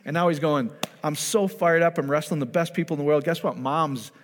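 A man preaching in a loose, animated way, his voice sitting a little higher than most men's. He keeps asking the room whether they follow him. His voice trails off into the long reverb of a church hall. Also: fairly quick. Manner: animated, keeps checking in with the audience. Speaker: pastor. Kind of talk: conversational sermon to a congregation.

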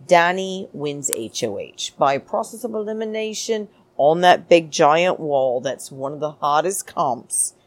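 A woman's voice: low-pitched, no echo. A woman hosting a chatty, gossipy recap, sarcastic and full of pet names for her viewers. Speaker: show recap host. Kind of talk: casual commentary recap.

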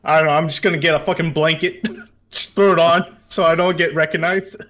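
A man's voice: fairly high pitch, fairly even intonation, a little fast, a bit bright. A man playing a tabletop game, talking casually, swearing and laughing as he plans his moves. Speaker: player.

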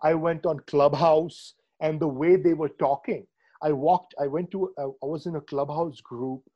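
Over a video call, a podcast host from India, based in Srinagar, runs a conversational interview in a slightly high, steady voice at normal speed. He sounds thoughtful and hesitant, with lots of fillers and restarts, and the audio is lo-fi.

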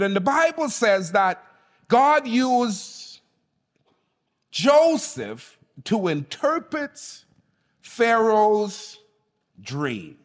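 A man's voice: high-pitched, very animated, very slow, long pauses, in a large hall. A man preaching a sermon as pastor, speaking emphatically and calling on the congregation to respond. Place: church.

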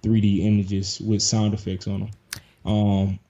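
Mellow-voiced young man, lo-fi. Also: on the low side, completely flat delivery, unhurried. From Detroit, USA. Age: 20s. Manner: rambling, many fillers. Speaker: podcast guest and game developer. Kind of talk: casual chat. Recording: dull lo-fi sound.

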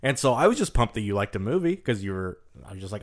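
A man chats on a podcast in a playful, joking way. His pitch swings widely as he talks. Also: big pitch swings, fast. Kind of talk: casual chat.

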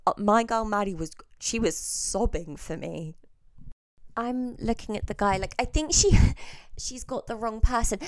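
A woman's voice: mid-range voice, a little slow, dry recording. A young adult woman vlogger telling a holiday story in a casual, chatty way, swearing freely and laughing between sentences.

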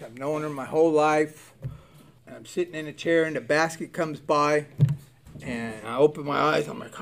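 A man on the high side with a slightly bright voice shares his recovery testimony. He's in his sixties, from Southern California, and tells it profanely and without softening anything, impersonating the figures in his story.

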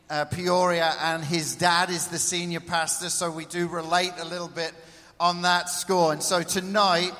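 Male host hyping a hall crowd. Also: high voice. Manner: lively, hyping the crowd, halting with fillers. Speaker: event host and pastor. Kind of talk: stage introduction. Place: large worship hall. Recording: long hall reverb.

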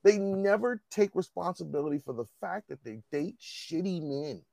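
A man's voice: high-pitched, animated, moderate pace, vocal fry, dark tone, no room sound. A man in casual conversation, ranting bluntly and profanely. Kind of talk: casual chat.

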